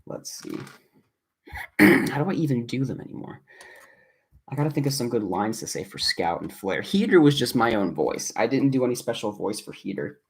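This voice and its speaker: A man's voice: medium pitch, sing-song, normal speed, vocal fry, husky. A man streaming from his apartment, chatting casually and rambling as he reads viewer comments aloud while he builds. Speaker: livestreamer and video creator. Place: home apartment.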